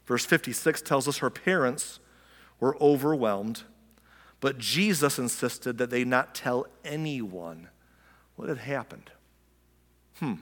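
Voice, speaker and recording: A man's voice: medium pitch, expressive, takes it slowly, long pauses, fairly bright tone, big-room sound. A man preaching a sermon in a conversational way, asking his listeners questions and acting out quotes. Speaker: pastor.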